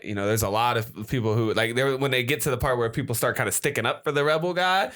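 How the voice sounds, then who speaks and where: Male podcast host, bright tone, loose rambling delivery with laughs. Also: mid-range voice, fast, few pauses. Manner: rambling, laughs while retelling stories. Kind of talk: casual podcast chat.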